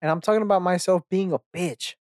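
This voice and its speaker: Man ranting solo, slightly high voice. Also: fast, dry recording, studio quality. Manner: rambling, profane, self-mocking, with frequent restarts. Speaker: podcast host. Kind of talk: solo podcast rant.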